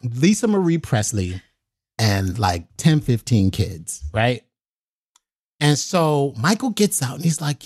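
A man's voice: mid-range voice, takes it slowly, no echo, studio quality. A man, a guest on a talk show, telling a story animatedly, acting out voices and checking in with "right?". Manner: lively, acts out voices, says "right?" a lot. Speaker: guest actor.

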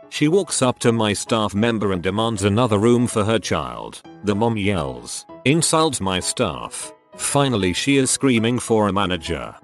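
A man reading internet stories aloud in a steady storytelling manner. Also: lowish voice. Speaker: narrator reading online stories. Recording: soft music underneath.

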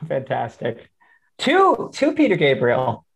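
A man co-hosting a podcast, telling animated stories and acting out what people said. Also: medium pitch, takes it slowly, creaky, breathy edge. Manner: animated storyteller, acts out quotes. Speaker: podcast co-host. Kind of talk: casual chat.

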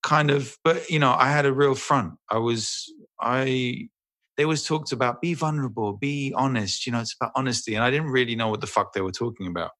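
Bright-voiced man telling a sweary story. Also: medium pitch, fairly quick. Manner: animated, swears freely, self-deprecating. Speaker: voice actor guest. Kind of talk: casual anecdote telling.

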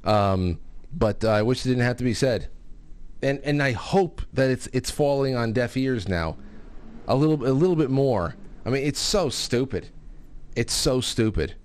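A man hosting a call-in talk show, talking casually with many restarts and halting phrases. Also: mid-range voice, animated, a little mellow.

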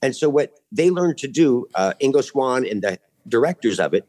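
A man's voice: medium pitch, expressive, normal speed, darkish tone. A man speaking as a podcast guest in casual chat, earnest and rambling, with frequent restarts, in a studio.

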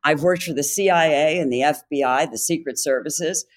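A woman voicing a boastful talking male dog in a joke, telling his life story calmly and deadpan. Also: low voice, moderate pace, close to an everyday voice. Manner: calm bragging, deadpan.

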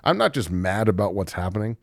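A man's voice: lowish voice, sing-song, quick pace, gravelly, dry recording, studio quality. A man in his forties, talking casually about sports as a podcast host, heated, profane and emotional. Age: 40s. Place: studio.

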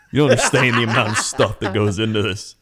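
A man's voice: fairly low pitch, fairly quick, crowd noise. A man, a streamer, chatting casually and mimicking viewers in a raised voice. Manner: relaxed, mimics chat in raised voice. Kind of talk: casual chat.

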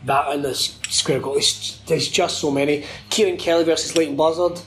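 A wrestling commentator in a relaxed interview, talking in a fairly high, animated voice. He swears freely and laughs often between his thoughts. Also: fairly quick. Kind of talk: casual interview chat.

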